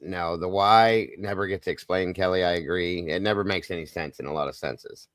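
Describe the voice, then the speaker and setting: A man hosting a live stream, talking softly and consolingly to viewers in the chat. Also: sits low, normal speed, no room sound, studio quality. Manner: soft, consoling, emotional. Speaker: livestream host.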